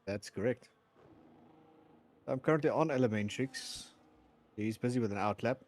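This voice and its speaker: A man's voice: mid-range voice, moderate pace, a little mellow, no echo. A man from Africa, co-commentating a sim race live and dropping dry quips between updates. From South Africa.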